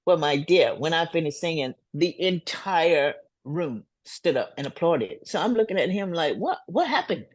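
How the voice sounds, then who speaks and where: Older woman telling lively stories. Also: low-pitched, normal speed, hardly any pauses, no echo. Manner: animated storyteller, playfully acts out the people she quotes; laughs often while talking. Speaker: singer and guest. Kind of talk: storytelling in a casual interview.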